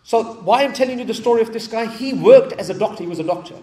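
High-voiced man preaching in an echoey hall. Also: quick pace, mellow. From England. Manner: repeats key phrases for emphasis. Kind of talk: storytelling sermon. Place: mosque hall. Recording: echoey hall with long reverb.

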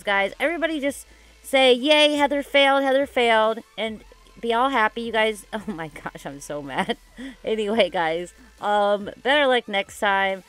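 A woman vlogging her gameplay casually, excitable and dramatic, rambling with lots of "like". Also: mid-range voice. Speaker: gaming YouTuber. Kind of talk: casual game commentary vlog.

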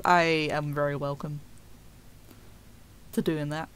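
A woman's voice: on the low side, lively intonation, slow pace, pauses often. A woman streamer chatting casually over gameplay, giggling often and talking to her chat.

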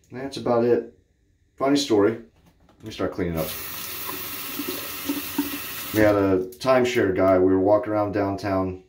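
The voice is lowish and darkish in tone, belonging to a man from Cape Cod, Massachusetts. As a shaving vlogger, he rambles through a blunt, candid, casual review of a shaving product in his bathroom, where the sound carries a roomy echo.

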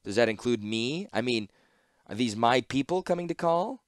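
A man voicing Ashnod, a sly, sardonic woman apprentice, in a mocking, sharp-tongued manner for an audiobook-style fan reading. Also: mid-range voice, lively intonation, normal speed, dry recording, studio quality, pitched above the performer's own voice, natural voice.

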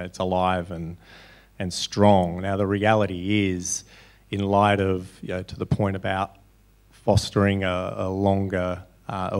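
A man's voice: low-pitched, gravelly. A man answering as a panelist on small business lending, casual and full of "you know" fillers. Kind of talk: panel discussion.

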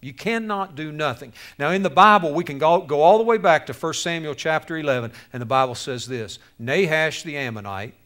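Man, high voice, lively sermon, acts out the story, jokes with audience. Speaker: speaker to youth on bullying.

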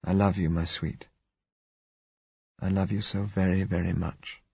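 A man reading an audiobook, voicing a blind young man who coaxes gently and speaks softly. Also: sits low, normal speed, slightly rough, no room sound, muffled recording. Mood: tender. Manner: soft, gently coaxing.

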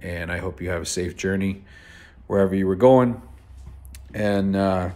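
Low-voiced man telling a story casually. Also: moderate pace, a little mellow. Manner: laid-back, rambling, with frequent fillers and swearing. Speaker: vlogger.

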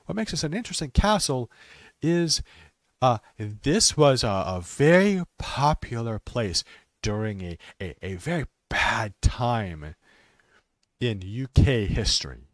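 A man who talks slowly and simply for English learners, with many restarts, and sometimes trails off into quiet muttering. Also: mid-range voice, animated, no echo, clean studio sound. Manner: slow, simple wording with many restarts and fillers; drops to quiet mutters while fixing his stream. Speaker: ESL teacher streaming. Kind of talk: casual talk for English learners.

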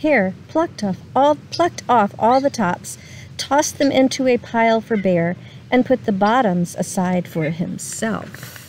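A woman reading a picture book aloud to children, slow and expressive, stopping to ask her listeners questions. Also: fairly high pitch, slight background noise.

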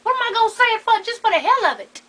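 A woman bantering loudly in a casual group chat, joking, teasing and cussing freely. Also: very high-pitched, big pitch swings, very fast.

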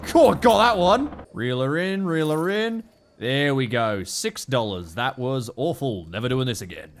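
A young Australian man giving excitable, foul-mouthed let's play commentary. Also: medium pitch, measured pace. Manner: excitable, swears a lot, laughs often. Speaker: gaming YouTuber.

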